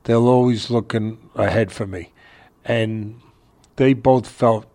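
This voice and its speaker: An older man, a boxing trainer, telling a story in a casual interview from his home, animated and laughing as he talks. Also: lowish voice, slow. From New York area.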